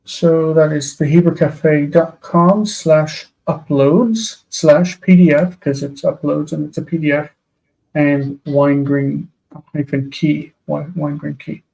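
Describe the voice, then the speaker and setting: A weary man with a gravelly, dark-toned voice, pitched a little higher than most men. He walks a live online class through Hebrew grammar exercises, explaining patiently with frequent pauses and ums. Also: steady tone, poor audio. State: tired. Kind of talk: live-streamed language lesson.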